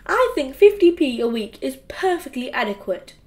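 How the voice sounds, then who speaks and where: A woman's voice: high voice, very animated, normal speed, darkish tone. A woman playing a stern scolding mum. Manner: firm, scolding. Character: stern, exasperated mother. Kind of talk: audiobook character voice.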